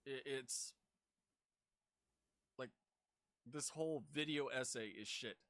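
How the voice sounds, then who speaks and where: A man's voice: medium pitch, takes it slowly, fairly bright tone, no echo. Scornful man reacting, dry close sound. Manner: scornful, repeating himself in disbelief. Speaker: reaction video reviewer. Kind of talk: exasperated commentary over a video.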